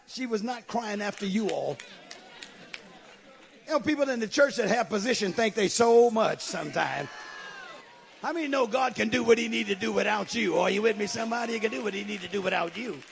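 A man preaching a fervent sermon, swinging from hushed asides to emphatic shouts and calling out to the congregation. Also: high-pitched, a little fast, creaky, a faint crowd, slight background noise. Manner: calls out to the congregation. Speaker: pastor.

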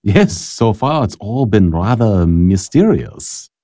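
An actor playing a brisk, commanding older father in a radio drama. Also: on the low side, very animated, warm tone, dry recording, studio quality, exaggerated voice. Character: brisk aristocratic father, commanding yet curious.

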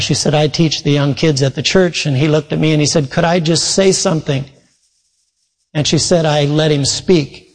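A man's voice: a little high, big-room sound, poor audio. A man preaching a sermon, earnestly retelling a story with quoted dialogue.

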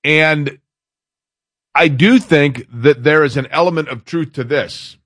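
A man's voice: on the high side, takes it slowly, fairly bright tone, no room sound, studio quality. A man hosting a sports talk show, chatting casually and opinionated, rambling as he reads out a listener's email. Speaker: sports radio host.

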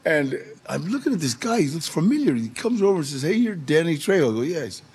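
A man's voice: a little high, very animated, fast talker, a little mellow, husky. A man with a streetwise, emphatic way of talking, casually telling a personal recovery story. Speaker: storyteller guest.

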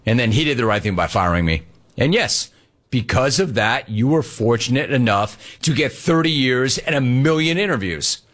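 Animated man hosting a sports talk show. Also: medium pitch, moderate pace. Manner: animated, storytelling, mimics quoted people. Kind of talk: casual talk, reading listener messages.

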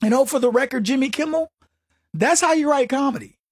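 Husky-voiced man mocking his opponents. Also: extremely high pitch, brisk, dry recording, studio quality. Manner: mocking, mimics opponents in exaggerated voices, laughs at own jokes. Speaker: political commentary host. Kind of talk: opinionated comedic monologue.

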